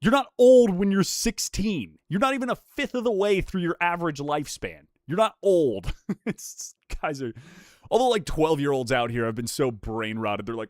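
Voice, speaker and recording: An excitable young man streaming live and opening card packs, his pitch bouncing all over the place as he chats. He sits a little above the usual male range and swears now and then. The recording is close and dry, with no room sound. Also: normal speed, dry recording. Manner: excitable, animated, swears casually, reads chat aloud.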